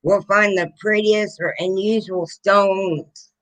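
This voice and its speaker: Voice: mid-range voice, fairly even intonation, takes it slowly, fairly bright tone, rough recording. Earnest, easygoing stream guest. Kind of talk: casual chat on a live stream.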